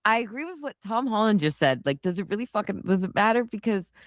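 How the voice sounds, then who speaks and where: Animated swearing woman podcaster. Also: mid-range voice, no echo, studio quality. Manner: animated, swears often, quick asides. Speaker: podcast co-host. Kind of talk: casual chat.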